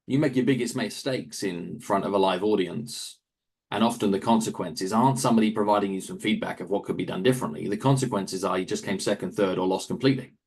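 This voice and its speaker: A man, a real estate coach, answering interview questions in a lively coaching manner, briefly acting out quick asides. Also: on the low side, husky. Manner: animated, acts out quick asides in other voices.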